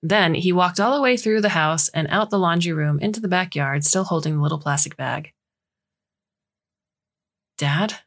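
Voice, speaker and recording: A woman reading a short story aloud in a measured storytelling manner as scripted narration. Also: fairly low pitch. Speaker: audiobook reader.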